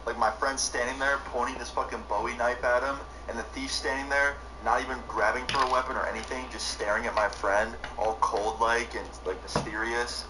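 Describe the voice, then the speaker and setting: A man's voice: mid-range voice, fairly even intonation, brisk, few pauses, heavy background noise. A young man streaming live, telling a long story in a casual, rambling way full of "like". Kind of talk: storytelling while live gaming.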